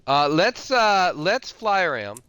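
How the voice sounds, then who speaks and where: A man's voice: high-pitched, very animated, slow pace, pushed and bright, slight background noise. A man streaming a survival game, casually thinking aloud with lots of fillers and restarts. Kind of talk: casual gameplay commentary.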